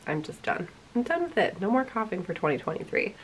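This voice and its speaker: A woman's voice: medium pitch, sing-song, fairly quick, slight background noise. A young woman hosting a knitting podcast, chatting casually and a bit self-deprecatingly while congested from a cold. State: congested, sick voice. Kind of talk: casual chat.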